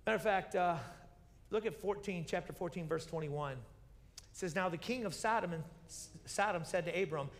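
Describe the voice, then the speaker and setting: A man's voice: sits high, brisk. A man preaching a sermon as pastor, telling Bible stories with animation, acting out the characters' lines and repeating key phrases as he questions the congregation. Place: church sanctuary. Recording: reverberant church sanctuary broadcast.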